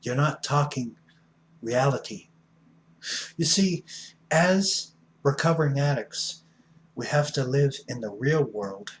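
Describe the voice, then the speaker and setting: A middle-aged man talks slowly about recovery, blunt and folksy like an addiction counselor preaching to his peers. He leans hard on certain words and keeps a plain, mid-range voice. A faint hum runs under the recording. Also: mid-range voice. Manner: blunt, folksy, preachy with sudden loud emphasis. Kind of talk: motivational recovery talk.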